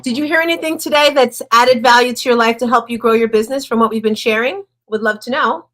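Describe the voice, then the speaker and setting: Woman host of a motivational call, fast and lively, slightly high pitch. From the North. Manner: fast-talking, energetic. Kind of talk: motivational group talk.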